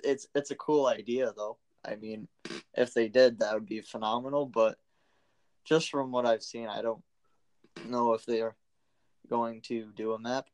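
A man's voice: mid-range voice, darkish tone. A young man co-hosting a casual gaming chat, rambling with many filler words and laughing often. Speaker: podcast co-host. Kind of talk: casual chat about a video game.

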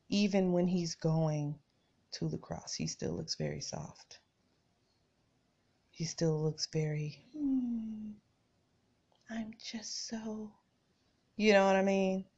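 Slow, low-voiced woman podcaster. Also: creaky, a little mellow. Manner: chatty, addresses listeners as "y'all"; emphatic, repeats phrases for effect. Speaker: podcast host. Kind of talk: casual devotional talk with scripture reading. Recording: dull lo-fi recording.

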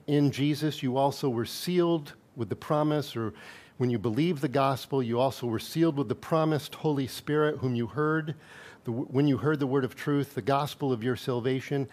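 A man preaching a sermon in an easy, conversational style. He reads scripture aloud, then breaks off into asides and quiet chuckles. His voice sits in an ordinary middle register. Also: mid-range voice. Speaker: pastor.

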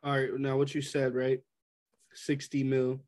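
A man's voice: mid-range voice, unhurried. A man co-hosting a casual sports talk, ranting heatedly and acting out quotes. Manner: animated, ranting, quoting people in voices.

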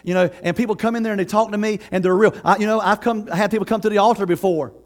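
A man preaching a sermon as pastor, conversational and lively, laughing often and acting out quotes. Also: sits high, very fast.

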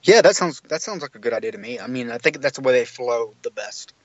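A man's voice: medium pitch, lively intonation, fast talker, no echo, highs cut off. A man co-hosting a podcast, chatting casually with easygoing, dry jokes. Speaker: podcast co-host. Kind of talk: casual chat.

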